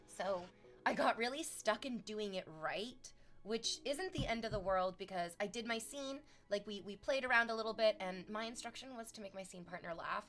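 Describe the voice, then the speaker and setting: A woman's voice: medium pitch, moderate pace, fairly bright tone, faint music behind. Candid, reflective streamer woman. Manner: reflective, candid, swears freely. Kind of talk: casual chat.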